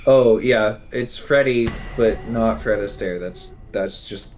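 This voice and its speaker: A man's voice: fairly low pitch, slow pace, darkish tone, faint music behind. A man streaming a game live, chatting casually and rambling, correcting himself as he goes.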